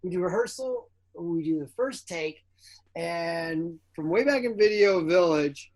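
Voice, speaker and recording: Animated man telling stories, slightly high. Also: measured pace. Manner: animated, acts out quoted dialogue, laughs often. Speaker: actor guest. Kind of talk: casual interview storytelling.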